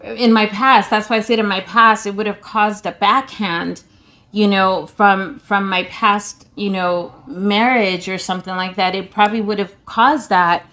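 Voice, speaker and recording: A woman's voice: mid-range voice, fairly even intonation, a little slow, sharp tone. A woman in her forties, a pastor's wife, talking casually with her husband, rambling with many restarts and repeated words. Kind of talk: casual chat.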